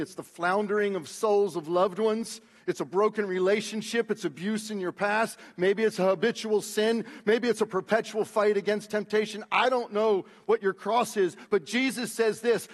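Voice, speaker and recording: A man preaching a sermon, moving between hushed, slow words and loud, drawn-out exhortation. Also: high voice, husky. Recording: long reverb of a large hall.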